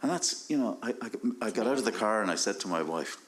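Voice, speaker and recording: Deep-voiced man telling a quiet story. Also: animated, fast. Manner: reflective, soft-spoken storytelling. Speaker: panelist. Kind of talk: personal anecdote to a live audience.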